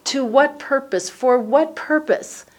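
A woman's voice: high-pitched, slow. A woman teaching a conversational Bible study class to a group, acting out the dialogue in the text as she explains it. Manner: lively, acts out the dialogue in the text.

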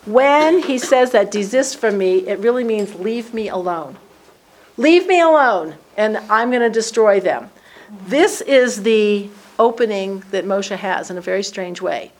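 Woman leading a Torah class, chatty and animated, acting out the verses in an even middle register. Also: mid-range voice, a little slow. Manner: lively, acts out the dialogue in the text. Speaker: Torah study teacher. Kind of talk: conversational Bible class teaching.

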